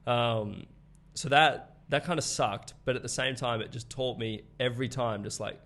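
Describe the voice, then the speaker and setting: A man's voice: medium pitch, fairly bright tone. Australian man, twenties, podcast guest, casual, swears, laughs a lot. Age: 20s. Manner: swears freely, laughs often, loose storytelling. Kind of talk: casual conversation.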